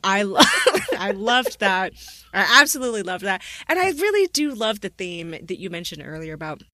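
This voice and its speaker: A woman's voice: medium pitch, big pitch swings, moderate pace, bright, forceful tone, dry recording, studio quality. A woman hosting an interview podcast, enthusiastic and laughing a lot. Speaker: podcast host. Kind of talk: casual interview chat.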